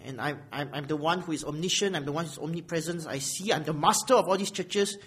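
This preacher talks fast in a high-ish, fairly bright voice with a breathy edge, working through an expository sermon in a small church room. He swells on important phrases and often tosses in a questioning "right?"

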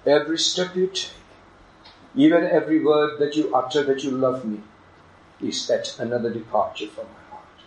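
A man's voice: mid-range voice, steady tone, moderate pace, reverberant, slight background noise, natural voice, low-quality recording. A man voicing God speaking to his people in a sermon, solemn and reproachful.

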